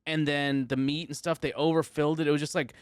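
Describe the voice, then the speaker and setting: A man hosting a casual podcast, chatty and quick to restart his sentences. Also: fairly high pitch, flat delivery, smooth, no room sound, clean studio sound. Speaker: podcast host.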